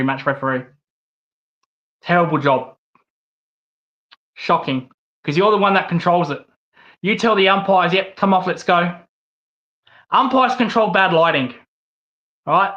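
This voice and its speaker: Man, Australian accent, angry profane rant, high-pitched, slightly dull lo-fi sound. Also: moderate pace, long pauses, sharp tone. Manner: profane, repetitive ranting. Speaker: host.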